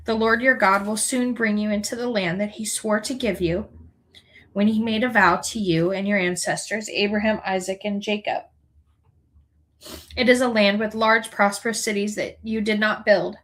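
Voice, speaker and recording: A woman reading scripture aloud in an earnest, unhurried way, now and then correcting a word. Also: medium pitch, steady tone, fairly bright tone, low-quality recording. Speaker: scripture reader.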